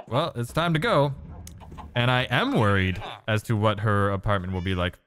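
Animated man narrating his gameplay. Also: fairly low pitch, moderate pace, a little hiss or hum. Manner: animated, exclaiming, talks to himself. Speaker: let's play gamer. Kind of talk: casual gameplay commentary.

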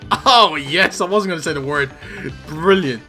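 A young man giving excited football video game commentary, shouting and laughing at goals. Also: on the high side, normal speed, faint music behind. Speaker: gaming YouTuber.

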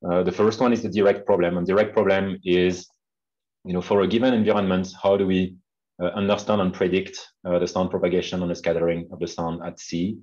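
Over dull, lo-fi video call audio, a French-accented guest speaker presents a seminar in his non-native English, hesitating and using lots of fillers. His deep voice barely moves in pitch, runs a little fast, and sounds slightly mellow.

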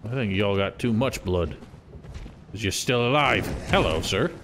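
A man streaming a video game, cursing and yelling at the enemies with frustration. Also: lowish voice, expressive, measured pace, a little hiss or hum. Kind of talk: live game commentary.

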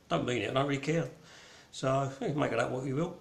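Hosting an online gallery show over a casual live stream, this Cockney man talks fairly quickly in a creaky mid-range voice with a roomy sound. His chat wanders and is irreverent, packed with ums and a bit of mild swearing.

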